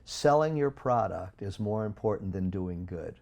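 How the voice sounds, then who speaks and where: A low, gravelly man holds forth as an interview guest. His dark, mellow voice swings from loud, punchy bursts to quiet asides. He talks in an emphatic, preaching way. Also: expressive, normal speed. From United States. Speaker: guest speaker. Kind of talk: interview talk.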